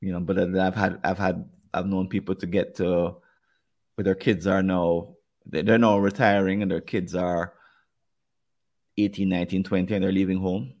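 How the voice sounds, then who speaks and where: Gravelly Jamaican man, thoughtful. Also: deep voice, little pitch movement, a little mellow. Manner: thoughtful, speaks in halting restarts. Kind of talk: podcast conversation.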